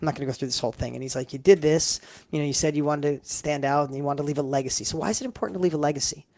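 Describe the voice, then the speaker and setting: A man's voice: a little high, very fast, darkish tone, no echo. A middle-aged man telling a personal story as a guest in an interview, emphatic and building up with repeated phrases. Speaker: guest entrepreneur.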